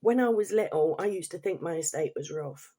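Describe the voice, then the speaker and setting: A woman's voice: on the low side, lively intonation, brisk, dark tone, breathy edge. A woman from Leicester with a Leicester accent, giving a political opinion rant on her vlog. She reads prepared points, then breaks off into heated, swearing asides. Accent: Leicester English. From Leicester, England. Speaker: vlogger.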